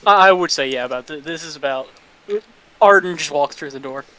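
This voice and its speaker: A man's voice: on the high side, fairly quick, pushed and bright, low-quality recording. A man playing a tabletop game, describing his character's actions with easy laughs. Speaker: player.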